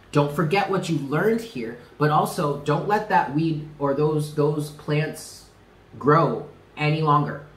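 A man's voice: on the high side, a bit bright. Chatty tarot-reading man in an echoey room. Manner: emphatic, chatty, repeats himself, slangy. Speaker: tarot reader. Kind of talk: casual tarot reading to camera.

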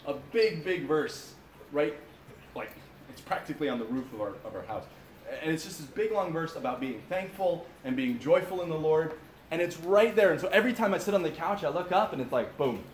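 Man, pastor, casual sermon with asides, fairly high voice, echoey room, faint background hum. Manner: informal, talks straight to the audience with asides. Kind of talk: conversational sermon. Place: father-son camp gathering.

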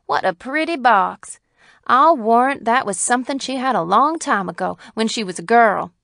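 A woman reading the part of an earnest farm neighbor woman in a story, in a gentle voice. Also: a little high, lively intonation, normal speed, creaky, no echo, clean studio sound. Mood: tender. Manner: gentle, then urgent.

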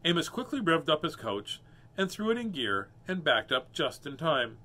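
A man's voice: a little high, very animated, normal speed, bright, forceful tone. Playful man reading aloud with joking asides. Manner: playful, self-mocking. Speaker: host reading children's books.

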